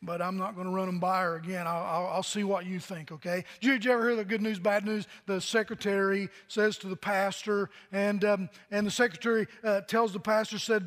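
A man's voice: sits high, level tone, a little fast, few pauses, a bit bright. A man pastor preaching a sermon to his congregation, telling jokes in a folksy way, repeating words and asking them questions. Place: church hall. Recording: long reverb of a church hall.

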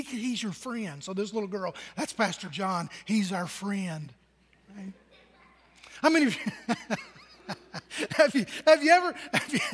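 A man's voice: very high-pitched, a bit bright, long reverb tail. A middle-aged man preaching a sermon as a pastor, telling stories and asking the congregation questions. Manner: conversational storytelling, asks the congregation questions. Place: church sanctuary.

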